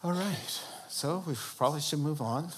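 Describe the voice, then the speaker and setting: A man preaching a sermon. He asks the congregation questions and rises into high, emphatic bursts to make his points. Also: moderate pace, background noise.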